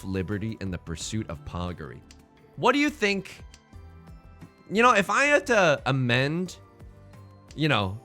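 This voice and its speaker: Man, streamer, high-pitched, bright, jokey live commentary. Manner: joking, animated, rambling asides.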